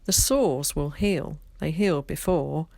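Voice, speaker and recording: A woman voicing a gentle, thoughtful village doctor who speaks slowly and with measured care. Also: low voice, gravelly, no echo. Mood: grave.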